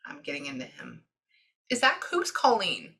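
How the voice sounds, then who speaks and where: A Texan woman giving a medium's reading in an animated, chatty way, often pausing to listen. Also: sits low. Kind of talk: casual spoken reading session.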